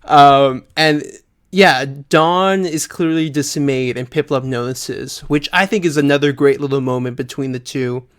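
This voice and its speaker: A man's voice: medium pitch, measured pace, smooth. A man co-hosting a podcast, chatting casually through an episode recap with frequent laughs and many fillers. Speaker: podcast co-host.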